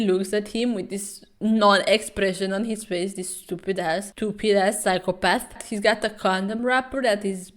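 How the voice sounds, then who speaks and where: A woman's voice: medium pitch, steady tone, moderate pace, hardly any pauses. A young woman recapping a webtoon as comedy commentary, sarcastic and profane, with mocking asides and over-the-top dramatic readings.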